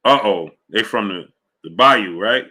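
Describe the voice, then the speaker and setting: A man hosting a casual boxing livestream, rambling loosely between fan shout-outs and fight talk. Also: fairly low pitch, lively intonation, a little slow. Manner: loose, rambling, drifts off track. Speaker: host of a live boxing show. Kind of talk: casual livestream chat reading super chats.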